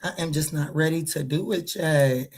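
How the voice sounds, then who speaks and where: A woman's voice: deep voice, normal speed, darkish tone. A middle-aged woman who reads tarot, chatting casually and playfully on a livestream. She laughs often and answers comments from her viewers. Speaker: tarot reader.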